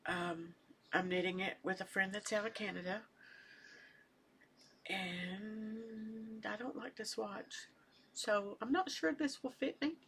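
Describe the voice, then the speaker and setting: An older woman chatting casually at home as a knitting vlogger, rambling and soft-spoken, sometimes trailing off into near-whispers. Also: mid-range voice, slow pace, long pauses, slight background noise. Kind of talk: casual chat.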